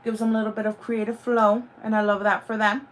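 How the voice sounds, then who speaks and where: A woman's voice: on the high side, little pitch movement, fast talker. A woman hosting a livestream, chatting casually in a rambling, profane way with many fillers. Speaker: livestream host. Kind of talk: casual chat.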